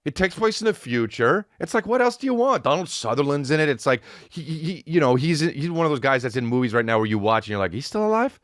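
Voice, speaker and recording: Talking fast with few pauses in a slightly high voice, a man hosts a podcast full of rambling, profane comic ranting, animated and punctuated by sung snippets. It's studio-quality audio with no room sound.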